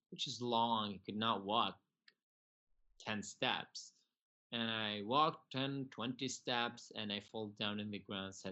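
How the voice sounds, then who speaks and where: Young man, fairly low voice, earnest halting storytelling, podcast guest. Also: sharp tone. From Syria. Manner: earnest, halting, with broken grammar and restarts. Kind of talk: personal storytelling.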